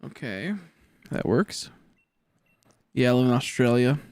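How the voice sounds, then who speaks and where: A man's voice: mid-range voice, unhurried, darkish tone, clean tone, no room sound, clean studio sound. A man in his twenties chatting casually on a game live stream, rambling and joking as he answers chat aloud. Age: 20s.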